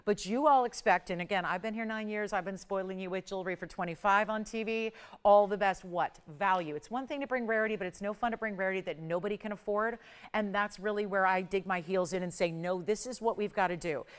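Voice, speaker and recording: Smooth-voiced home shopping host woman. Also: mid-range voice, fast talker. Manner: upbeat, persuasive salesy patter with excited price countdowns. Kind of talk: live TV jewelry sales pitch. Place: TV studio.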